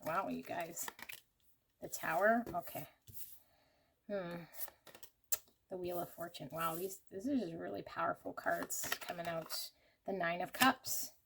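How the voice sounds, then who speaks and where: A woman's voice: lowish voice, measured pace, gravelly, long pauses, noisy background. A woman giving a casual pick-a-card tarot reading to her viewers, emotional and chatty with many fillers. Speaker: tarot reader.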